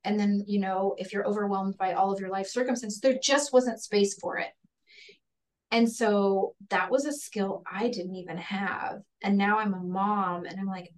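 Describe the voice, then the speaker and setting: A woman's voice: medium pitch, steady tone, normal speed. A woman guest on a podcast, talking candidly and earnestly about raising children, often laughing and acting out voices. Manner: earnest, laughs often, acts out her child's and her own words. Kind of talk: candid conversational chat. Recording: voice a bit far from the mic.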